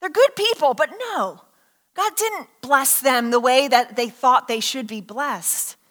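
A woman preacher giving an animated sermon, telling a story and asking the congregation questions. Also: high voice. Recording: hall reverb.

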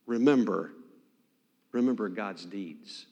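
A man preaching a sermon as pastor, swinging dramatically between loud emphasis and hushed near-whispers. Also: fairly low pitch, slow, vocal fry. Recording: long hall reverb.

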